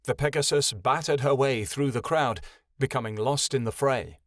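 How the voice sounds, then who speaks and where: Guy reading a fantasy audiobook, mid pitch, dead dry studio sound. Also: normal speed, fairly bright tone, dry recording. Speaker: audiobook narrator. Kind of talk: scripted narration.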